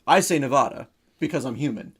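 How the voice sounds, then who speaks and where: A man's voice: medium pitch, animated, a little fast, a bit bright, slightly rough. A man with a New Jersey accent co-hosting a comedy podcast, telling stories in a ranting, mock-outraged way. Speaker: podcast co-host. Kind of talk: comedic casual chat.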